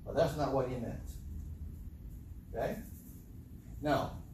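A man's voice: medium pitch, steady tone, slow, a little mellow, distant mic, slight background noise. Man, preacher, sermon, rhetorical questions, very echoey room, off-mic.

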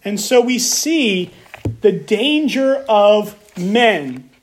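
A man's voice: high voice, lively intonation, extremely slow, slight background noise. A man preaching a sermon, reading scripture aloud and then explaining it with emphatic repetition and rhetorical questions. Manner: emphatic, repeats key phrases, rhetorical questions.

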